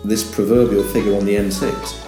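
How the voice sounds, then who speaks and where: A man's voice: lowish voice, fairly quick, roomy sound, music in the background. An older man, a veteran radio presenter, reflecting in an interview and now and then leaping into an upbeat on-air voice. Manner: animated, jumps to a bright upbeat presenter voice when demonstrating.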